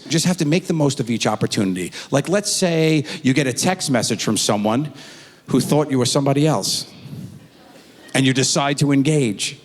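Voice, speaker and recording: A man performing live stand-up on a theatre stage, telling stories with animated energy and acting out characters. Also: medium pitch, moderate pace. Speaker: stand-up comedian. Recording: live theatre with long reverb.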